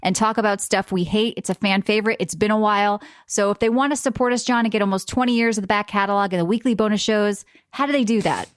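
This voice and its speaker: A woman from the US tri-state area hosting a gaming podcast in casual chat, brisk and teasing as she keeps her co-hosts in line. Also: mid-range voice, no room sound. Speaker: podcast host.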